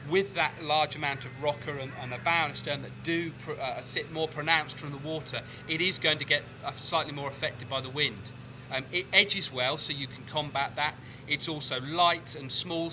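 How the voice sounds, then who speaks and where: Bright-voiced man reviewing gear. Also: a little high, a little hiss or hum. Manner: measured and enthusiastic, doubling words for emphasis. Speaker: kayak reviewer. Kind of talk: product review to camera.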